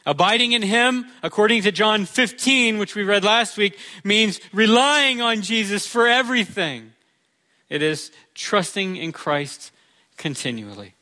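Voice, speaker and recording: A man's voice: high voice, lively intonation, measured pace, bright, forceful tone. A male pastor preaching a sermon in a conversational way, with touches of humor.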